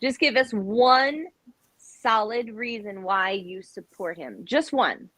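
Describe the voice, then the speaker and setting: A woman's voice: a little high, animated, slow pace, bright, forceful tone, no echo. A woman from Brooklyn with a faint Brooklyn accent, co-hosting a casual profane livestream chat, teasing and laughing a lot. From Brooklyn, New York. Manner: teasing, laughs often, swears freely. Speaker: livestream co-host.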